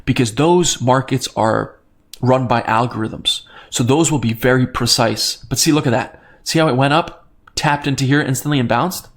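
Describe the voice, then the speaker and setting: A young man teaching crypto trading over a screen share, excitable and repetitive, often checking in with "right?" and jumping up in pitch on his key points. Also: normal speed. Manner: pitch jumps up on emphatic points. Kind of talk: screen-share chart walkthrough.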